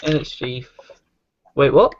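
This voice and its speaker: A man's voice: medium pitch, animated, slow, slight background noise. A man playing a tabletop game, eager and chatty about his moves. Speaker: player. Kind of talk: casual tabletop play. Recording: muffled lo-fi mic.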